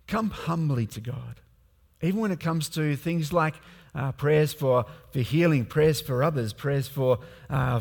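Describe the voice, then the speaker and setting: A man's voice: a little high, big-room sound. A man preaching a sermon as a pastor, speaking conversationally with many fillers and restarts.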